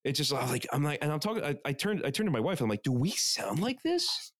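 Man, Northeastern US accent, podcast co-host, profane rambling banter, lively swooping pitch. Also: rapid-fire, no echo. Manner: rambling, profane, animated storytelling. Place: on a couch at home.

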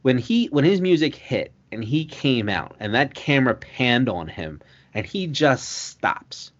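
A laid-back man co-hosting a casual chat, mid-pitched, given to short agreeing replies and then longer enthusiastic stretches. The sound is slightly dull and lo-fi. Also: big pitch swings, a little slow. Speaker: co-host.

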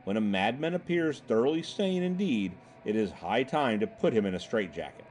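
A man voicing an elderly asylum director, genial and smooth-talking, in a storybook reading. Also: mid-range voice, expressive, normal speed, a little mellow, a little hiss or hum, natural voice. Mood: confiding.

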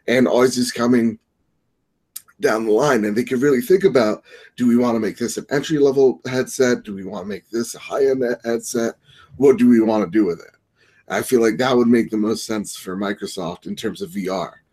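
A man's voice: mid-range voice, normal speed, a little mellow, slightly rough. A man co-hosting a gaming podcast who talks casually, rambling and opinionated, with lots of filler words and restarts. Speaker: podcast co-host. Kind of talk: casual chat.

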